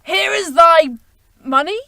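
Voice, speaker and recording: A woman on a comedy panel, improvising with excitable, loud outbursts. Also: very high-pitched, slow pace, vocal fry.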